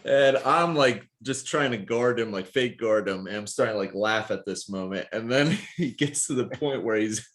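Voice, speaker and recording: This physical therapist and podcast co-host has a voice on the low side and a fairly bright tone, talking at normal speed with few pauses. His storytelling is casual and rambling, packed with fillers and frequent laughter.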